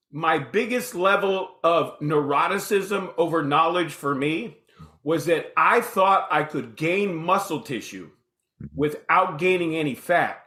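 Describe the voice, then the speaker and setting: A lively man in his fifties, a podcast guest who tells his story casually and acts out the dialogue himself. His voice is bright and somewhat high for a man. It rings in a roomy, echoey space.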